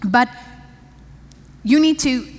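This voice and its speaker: A pastor's wife, older, preaches to the women of her church in a voice that sits high and unhurried. Her delivery is chatty and emphatic, echoing through a reverberant church hall.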